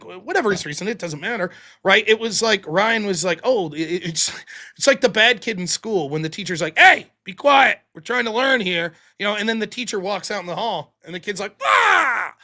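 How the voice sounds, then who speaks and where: A man hosting a live call-in stream, talking casually and acting out quotes in voices. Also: sits high. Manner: animated, acts out quotes in voices. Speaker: call-in show host.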